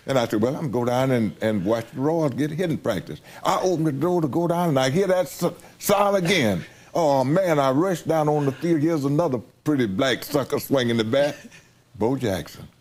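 A man's voice: medium pitch, normal speed, darkish tone. An older man from the United States being interviewed, telling folksy stories and chuckling as he goes. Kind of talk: storytelling interview.

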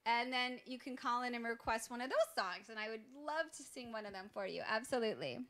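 A woman's voice: on the high side, expressive, a little fast, fairly bright tone. A woman hosting a live call-in show, chatting casually with callers and laughing often.

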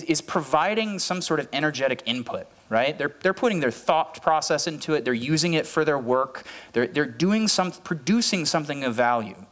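A man's voice: on the high side, fairly bright tone. A man giving a conference talk who speaks earnestly, often repeating words and restarting his sentences.

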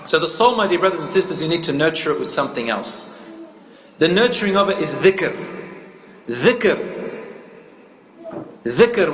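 A man whose voice is a little high and fairly bright leads an Islamic lecture in an echoey hall with a live audience and faint background noise. He narrates a story, asks the audience questions, and drops in Arabic phrases.

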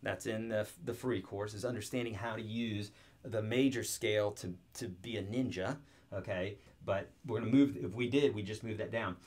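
A man's voice: fairly low pitch, moderate pace, darkish tone. A man teaching guitar chords in an online video lesson, upbeat and joking as he talks straight to the viewer.

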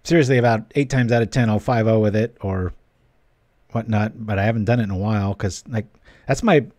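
A man's voice: lowish voice, brisk, darkish tone, no room sound. A man giving casual gameplay commentary while reading his stream chat, chatty and joking. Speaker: streamer playing a card game.

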